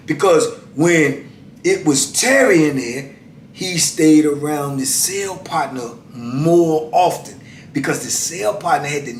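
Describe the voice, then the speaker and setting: A man in his fifties telling a story casually, drawn-out and animated, often dropping "man" and "you know.". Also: fairly high pitch, distant mic. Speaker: channel host telling prison stories. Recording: echoey room, voice away from the mic, faint background noise.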